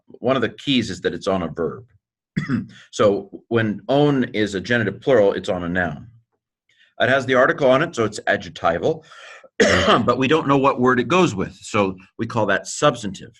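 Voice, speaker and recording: Male teacher, lowish voice, folksy and joking, walks through grammar step by step. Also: fairly bright tone. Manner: folksy, joking, clears throat often. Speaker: Greek teacher. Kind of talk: informal recorded lesson.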